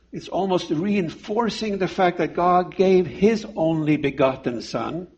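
A man in his fifties preaching a sermon, delivering it slowly and emphatically with deliberate pauses. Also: fairly high pitch, a little mellow, slightly rough, highs cut off.

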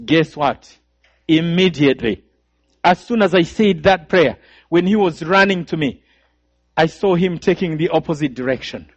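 A man's voice: on the high side, expressive, moderate pace. A man preaching a sermon testimony, telling his story with emotion and repeated phrases. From Rwanda. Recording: dull, dry sound.

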